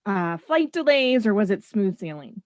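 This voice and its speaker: A woman's voice: mid-range voice, big pitch swings, moderate pace, a little mellow, no room sound. A woman co-hosting a podcast from a trailer, chatting enthusiastically and cheering her partner on. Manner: enthusiastic, encouraging. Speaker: podcast co-host. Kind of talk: casual chat.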